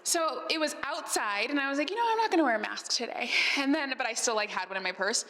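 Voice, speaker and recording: A woman's voice: on the high side, expressive, quick pace, hardly any pauses, a bit bright. A woman hosting a podcast who answers questions at a live gathering, telling stories in a chatty way full of "like" fillers and laughs. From Arizona, USA. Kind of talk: storytelling Q&A talk. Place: event space. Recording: long reverb in a hall.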